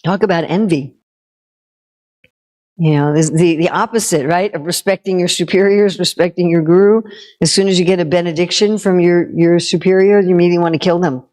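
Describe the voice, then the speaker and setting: A woman with a lower voice giving a devotional talk, telling an old story like she is chatting with friends. She mixes teaching with wry, self-aware humor and quick conversational asides. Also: darkish tone. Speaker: spiritual teacher.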